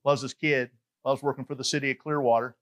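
A middle-aged man from Atlanta, Georgia with a Southern accent, preaching a sermon as a chatty, animated storyteller with frequent asides. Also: mid-range voice, fast. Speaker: pastor.

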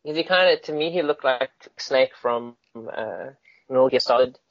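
Casting: chatty male host, mid pitch, dry and dull lo-fi sound. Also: moderate pace, no echo. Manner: enthusiastic, laughs often, rambling. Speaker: podcast co-host. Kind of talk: casual chat.

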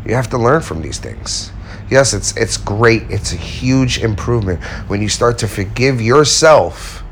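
A man's voice: on the low side, lively intonation, unhurried, a little hiss or hum. Blunt man giving candid life advice. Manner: blunt, candid, storytelling with acted-out quotes. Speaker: self-help speaker. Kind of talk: casual motivational talk to viewers.

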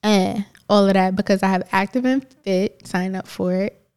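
A woman's voice: mid-range voice, clean tone. A woman co-hosting a podcast in casual, rambling chat, laughing often and jumping between tangents. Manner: animated, rambling, quick to laugh. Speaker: podcast co-host.

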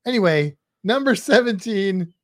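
A man's voice: high-pitched, animated, moderate pace. A man co-hosting a podcast, rambling through a walkthrough and cracking jokes and puns. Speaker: podcast co-host. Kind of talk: casual chat.

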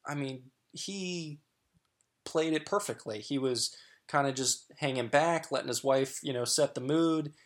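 A man's voice: mid-range voice, a little slow. A middle-aged man sharing candid personal stories as a guest, frank and chatty with lots of fillers and restarts.

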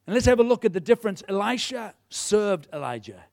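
With a high voice, a brisk pace and some vocal fry, a preacher animatedly retells a Bible story in his sermon, performing the characters' lines himself.

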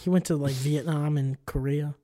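A man with a fairly high voice, co-hosting a casual podcast chat. He tells stories in an animated way, laughs often and acts out what others said. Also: moderate pace. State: has an ear infection. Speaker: podcast co-host.

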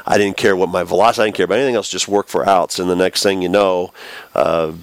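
A man, a former baseball pitcher, telling the story of a game as an interview guest, acting out what people said. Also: fast, no room sound. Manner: animated storyteller, acts out quotes.

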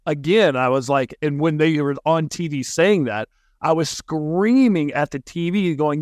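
A man's voice: on the high side, a little slow, darkish tone, no echo, studio quality. A man hosting a podcast interview, talking in an earnest, emphatic way. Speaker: podcast host.

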